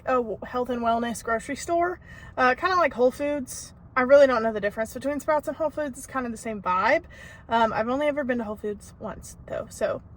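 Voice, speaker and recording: A woman's voice: fairly high pitch, a bit bright. A young woman vlogging casually from her car and errands, talking candidly with lots of fillers into a handheld phone camera. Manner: chatty, candid, with frequent fillers and laughs. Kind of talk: casual vlog chat. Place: car and errands on a lunch break.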